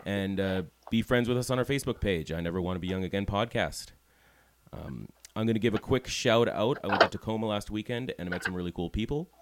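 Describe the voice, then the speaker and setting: A man's voice: fairly low pitch, fast, noisy background. A man hosting a podcast in casual chat, rambling and correcting himself as he goes. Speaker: podcast host.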